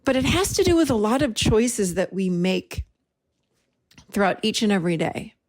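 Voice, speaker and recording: A middle-aged woman speaks in a medium pitch, somewhere in the usual range for a woman. She tells a personal story to her listeners in a lively, animated way and acts out each line of the dialogue. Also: normal speed. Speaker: host and therapist-style teacher.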